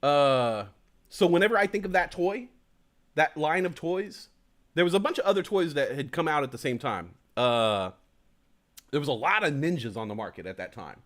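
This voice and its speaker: A man hosting a live stream in casual chat, rambling and animated, swearing freely. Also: fairly high pitch, normal speed. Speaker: host.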